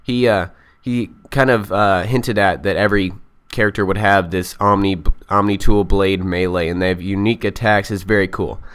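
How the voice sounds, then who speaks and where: Young guy rambling excitedly about games, smooth clear voice, lowish. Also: normal speed. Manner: enthusiastic, rambling, unsure of details. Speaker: gaming vlogger. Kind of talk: casual game news recap.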